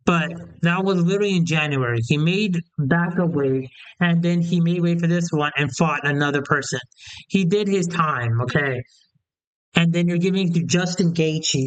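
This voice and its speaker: A man's voice: a little high, a little slow, clear, resonant tone, low-quality recording. A young man giving a heated, rambling opinion rant about fight events, often restarting his sentences. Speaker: MMA commentator. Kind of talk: casual opinion rant to camera.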